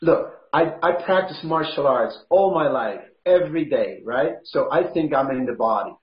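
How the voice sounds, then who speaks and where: A man shares his experience on a group call, stumbling and filling pauses as he goes. He sounds like he is in an echoey room. The audio is dull and lo-fi. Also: a little high, lively intonation. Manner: rambling, halting, many fillers. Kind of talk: casual sharing. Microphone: video call.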